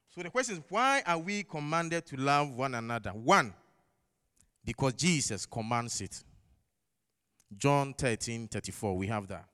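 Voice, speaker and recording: A man's voice: medium pitch, a bit bright. A man with a non-native English accent preaching a sermon in a church, emphatic, putting rhetorical questions to the congregation and repeating key phrases. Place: church hall. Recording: long echo of a large hall.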